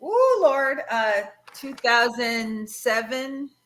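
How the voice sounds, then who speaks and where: A woman's voice: on the high side, very animated, very slow, a bit bright, rough recording. A woman marketing strategist speaking on a casual panel, playful with folksy exclamations.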